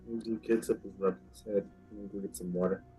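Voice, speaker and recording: Very deep-voiced male player. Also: steady tone, warm tone, soft background music, poor audio. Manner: halting, casual. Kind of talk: casual tabletop play.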